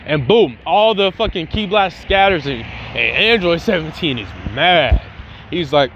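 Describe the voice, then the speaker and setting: A man casually narrating a made-up story in a slangy, animated way, breaking into fight sound effects. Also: a little high, a little slow, highs cut off, a little hiss or hum. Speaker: fan channel host.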